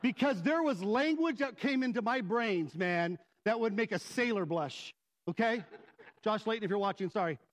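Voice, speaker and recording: A man's voice: high voice, animated, moderate pace. A middle-aged man preaching a sermon, telling a personal story and acting out the voices and inner dialogue of the people in it. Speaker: pastor.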